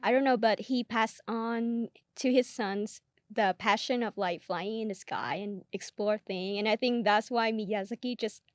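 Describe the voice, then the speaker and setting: A woman's voice: mid-range voice, unhurried, few pauses, no room sound, clean studio sound. A woman co-hosting a podcast, chatting casually about a film, hesitant and searching for words, often laughing. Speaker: podcast co-host.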